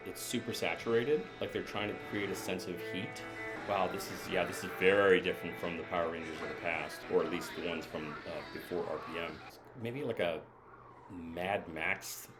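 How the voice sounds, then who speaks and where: A man with a very deep voice gives relaxed live reactions to a TV episode and muses aloud between small laughs. The episode's music plays clearly behind him. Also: moderate pace. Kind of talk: casual live reaction commentary. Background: episode soundtrack music playing.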